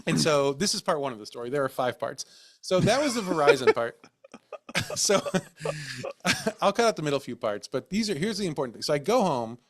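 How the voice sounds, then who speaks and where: A man hosting a podcast, telling a story in a casual, comedic way, animated and laughing often. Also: fairly high pitch, normal speed. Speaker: podcast host.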